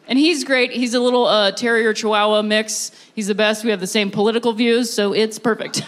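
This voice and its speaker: Self-mocking woman doing stand-up comedy. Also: a little high. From Ohio, USA. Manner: deadpan punchlines with laughing, self-mocking asides. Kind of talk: stand-up set. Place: comedy venue with a live audience.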